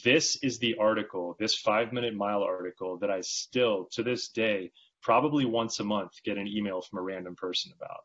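A male magazine writer talking as a podcast guest in casual interview chat, telling rambling, animated stories with many restarts. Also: on the low side, a little fast, few pauses, lo-fi sound.

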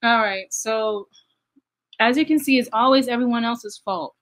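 A woman giving casual, candid reaction commentary on a video clip, pausing to explain her own side. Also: fairly high pitch, a bit bright. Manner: candid, laughs while recounting.

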